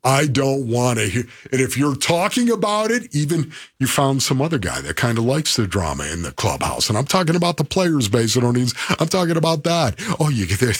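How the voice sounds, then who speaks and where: A man's voice: mid-range voice, sing-song, a little fast, hardly any pauses, breathy edge. A man co-hosting a sports radio show, talking emphatically and preaching to listeners he calls brothers. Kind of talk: sports talk radio banter.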